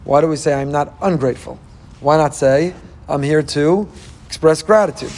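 A man's voice: on the high side, moderate pace, darkish tone, big-room sound. A man giving a Torah sermon. He reads Hebrew verses, translates them line by line and asks his listeners rhetorical questions. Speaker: rabbi teaching Torah.

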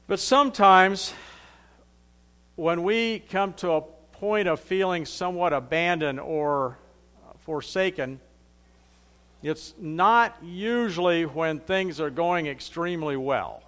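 A man's voice: fairly high pitch, slow pace, fairly bright tone. A man preaching a sermon in a conversational, plain-spoken way, reading scripture aloud and then explaining it.

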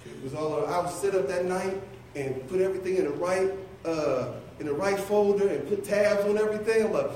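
A man's voice: high voice, fairly quick, warm tone, slight background noise. A middle-aged man preaching a conversational sermon, playfully teasing and calling on listeners by name. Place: church sanctuary. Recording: echoey church from far off.

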